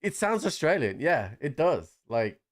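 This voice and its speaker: A British man chatting casually while streaming a game, chatty and quick to laugh. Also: a little high, big pitch swings. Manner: chatty, laughing, restarts often. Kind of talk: casual livestream chat.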